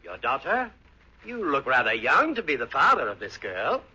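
A man's voice: mid-range voice, wildly swooping pitch, moderate pace, pushed and bright, slightly rough, exaggerated voice, low-quality recording. Prim stuffy businessman. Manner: prim, formal. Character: stuffy formal businessman visitor. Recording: old radio broadcast with faint noise.

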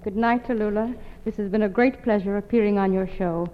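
A woman's voice: mid-range voice, fairly even intonation, brisk. Motherly woman cracking homey jokes, old muffled radio, long echo tail. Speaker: guest comedienne. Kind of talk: comic radio banter.

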